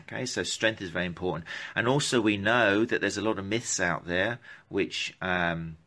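Fielding viewer questions on a live stream, a man who does gait analysis for runners speaks in a low voice with a sharp tone. His casual answers ramble, and he keeps cutting himself off.

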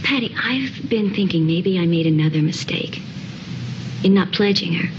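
Brief: cool, lower-voiced manipulative sorority girl, muffled hissy 70s TV sound. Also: animated, normal speed. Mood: smooth. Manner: falsely apologetic, controlled. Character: smooth, scheming young sorority queen. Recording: dull hissy old film audio.

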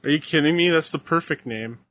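A man's voice: fairly high pitch, brisk, fairly bright tone. A man co-hosting a casual chat while watching wrestling, easygoing and teasing. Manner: easygoing, teasing, laughs often. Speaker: podcast co-host.

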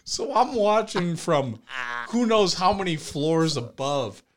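A young man telling a podcast story in a slow, unhurried way, his pitch swinging widely as he gets into it. He keeps breaking into laughter and shouts out the lines he quotes. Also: sing-song. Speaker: podcast co-host. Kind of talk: casual storytelling chat.

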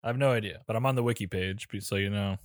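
A man's voice: on the low side, fast talker, no echo, clean studio sound. A man co-hosting a casual chat, reading out a spooky story from a wiki page with joking asides. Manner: reads aloud from a wiki page with jokey asides, laughs often. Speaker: podcast co-host.

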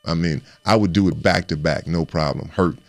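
A man in a casual interview, an animated storyteller who stumbles over and repeats words as he recounts his past. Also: low voice, normal speed, dry recording. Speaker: guest recounting his playing career.

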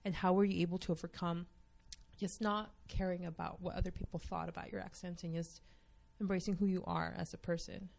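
A woman's voice: on the low side, level tone, a little fast, vocal fry, darkish tone. A woman interviewer asking long, earnest questions.

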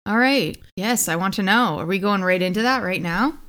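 A woman co-hosting a podcast in casual chat, sarcastic and quick to laugh. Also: mid-range voice, fairly bright tone. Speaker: podcast co-host.

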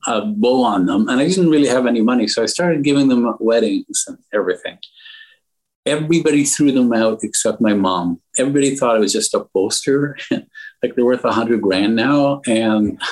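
A man's voice: mid-range voice, rough recording. Rambling anecdotal male interview guest. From Lebanon. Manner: rambling anecdotal storytelling with laughs and restarts. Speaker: entrepreneur and art collector guest.

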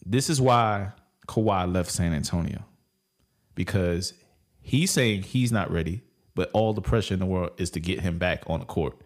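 A man's voice: low voice, normal speed. A man co-hosting a casual sports talk show, speaking bluntly and in slang.

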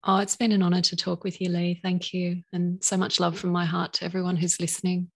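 A woman's voice: fairly low pitch, monotone, a little fast, creaky, breathy edge. A woman guest in an interview, talking earnestly and laughing often. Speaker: guest, author of oracle decks. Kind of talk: casual interview chat.

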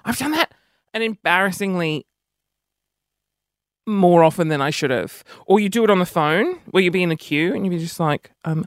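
A man's voice: high voice, lively intonation, moderate pace, no echo, clean studio sound. A man with an Australian accent, chatting in a rambling, self-mocking vlog monologue that jumps between topics. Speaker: vlogger. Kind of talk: casual monologue to camera.

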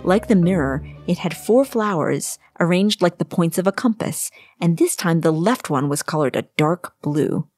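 A woman reading her own story aloud in an expressive storybook narration. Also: fairly low pitch, moderate pace, hardly any pauses, soft background music. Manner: expressive, varies voices for characters.

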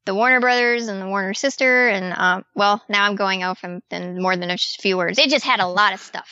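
A woman co-hosting a podcast, speaking in a halting, rambling way. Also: mid-range voice, pushed and bright, no echo, muffled recording. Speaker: podcast co-host. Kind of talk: casual chat.

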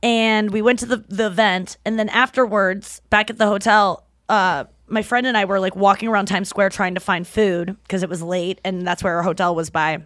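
A woman in her thirties co-hosting a podcast in casual chat, telling stories with lively acted-out quotes. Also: mid-range voice, normal speed, hardly any pauses, no echo, clean studio sound. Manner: animated storytelling, acts out quotes loudly. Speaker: podcast co-host.

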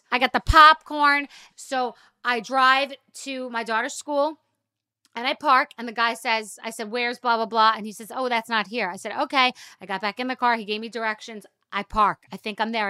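Woman host, casual rant, self-deprecating, swears, tense bright tone, dry close sound. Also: on the high side, smooth, dry recording. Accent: New York. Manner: rambling, self-deprecating, profane. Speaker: podcast host.

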